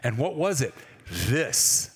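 Casual preacher in a reverberant hall. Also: male voice, fairly high pitch, expressive, moderate pace, a bit bright. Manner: conversational, asks the congregation questions. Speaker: pastor. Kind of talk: sermon.

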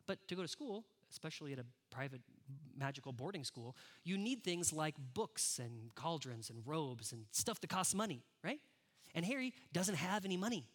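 A man's voice: high-pitched, a bit bright. A man preaching a sermon in a church, who talks conversationally and turns straight to the congregation with questions. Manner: conversational, addresses the congregation directly. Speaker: pastor.

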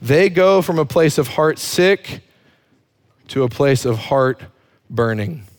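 A man's voice: a little high, lively intonation, slow. Emphatic man preaching a sermon. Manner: emphatic, repeats words for effect. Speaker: pastor.

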